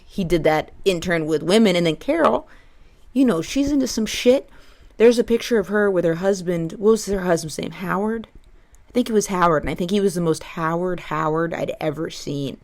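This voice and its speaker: A woman's voice: lowish voice, normal speed. A woman in her thirties hosting a solo comedy podcast, riffing crudely and rambling from one tangent to the next.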